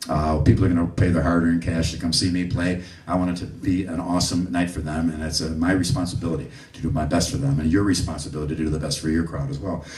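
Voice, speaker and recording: A man giving a music clinic to a live audience, an animated storyteller who acts out the people he quotes. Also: low-pitched, fast talker, few pauses. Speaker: bass clinician. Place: room with an audience. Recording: roomy audio from a distant mic.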